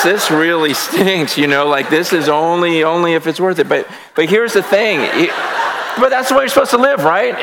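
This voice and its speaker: Gravelly-voiced man giving an earnest testimony. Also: medium pitch, a bit bright. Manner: earnest, emphatic storytelling with self-deprecating humor. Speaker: speaker at a faith gathering. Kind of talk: passionate personal testimony. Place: room with a live audience.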